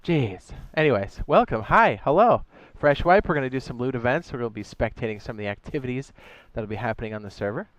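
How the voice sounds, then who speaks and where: A man's voice: mid-range voice, animated, fast talker, few pauses, no room sound, highs cut off. A man hosting his own game live stream, chatting casually, reading viewers' messages aloud and often correcting himself. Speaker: streamer and server host.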